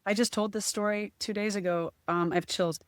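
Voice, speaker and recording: A woman's voice: medium pitch, fairly even intonation, brisk, no echo, clean studio sound. A woman guest in a casual podcast chat, speaking candidly and emotionally, often quoting what others said. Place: podcast studio.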